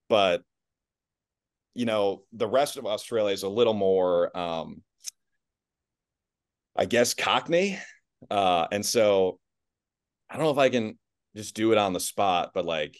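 A man's voice: sits low, unhurried, pauses often, no room sound, studio quality. A man talking casually as a guest on a sports podcast, easygoing and self-deprecating, laughing often. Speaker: podcast guest, basketball play-by-play announcer.

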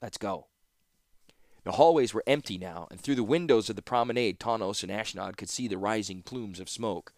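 Low-voiced man narrating a fantasy audiobook. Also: no echo. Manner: steady, measured storytelling.

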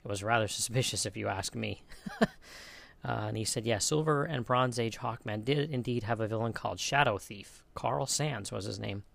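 A podcast host with a gravelly, fairly low voice works through the listener mailbag. He reads casually, chuckles often and fills pauses with ums and uhs. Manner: relaxed, chuckles often, frequent um and uh. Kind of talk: casual reading of listener mail.

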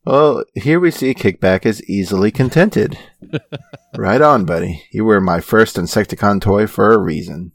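A man co-hosting a casual chat, recapping plot in a relaxed way with frequent chuckles. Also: on the low side, moderate pace, creaky, dry recording. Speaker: podcast co-host recapping episodes.

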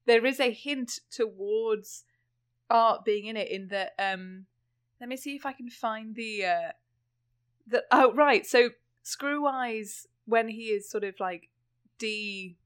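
A woman co-hosting a casual film discussion podcast, lively, often trailing off and restarting her sentences. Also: on the high side, takes it slowly, smooth. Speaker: podcast co-host.

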